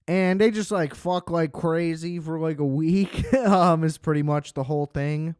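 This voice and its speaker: A man's voice: on the high side, moderate pace, few pauses, a little mellow, smooth, no echo, clean studio sound. A man giving a casual, rambling movie review, swearing freely and leaning on lots of fillers. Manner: rambling, profane, filler-heavy. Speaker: film reviewer.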